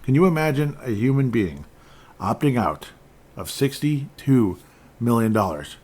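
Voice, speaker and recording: A man's voice: medium pitch, expressive, a little slow, a little mellow. A man hosting a casual solo sports podcast, rambling and interrupting himself, with offhand rants and frequent chuckles. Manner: rambling, self-interrupting, digressive; chuckles often, offhand ranting. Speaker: podcast host.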